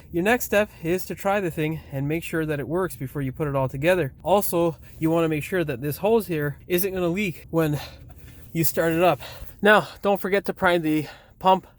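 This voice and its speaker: Casual swearing man, a bit high-voiced. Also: normal speed. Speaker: channel host, mechanic. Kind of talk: DIY car repair tutorial. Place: outdoors in freezing weather.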